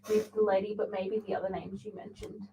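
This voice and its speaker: A woman co-hosting a radio show, softly reading listener comments aloud from a distance. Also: mid-range voice, flat delivery, a little fast, a little hiss or hum. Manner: soft, reads comments aloud off-mic.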